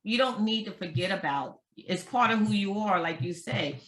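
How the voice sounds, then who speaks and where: A woman author being interviewed, speaking emphatically and slowing down to repeat her key points. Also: mid-range voice, animated, reverberant. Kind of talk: interview conversation.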